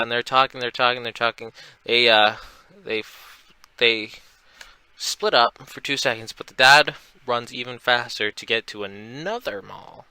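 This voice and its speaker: A man's voice: mid-range voice, unhurried, bright, forceful tone, clean tone, no room sound, low-quality recording. A young man casually recapping a comic book, rambling along with plenty of fillers. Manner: rambling, filler-heavy retelling.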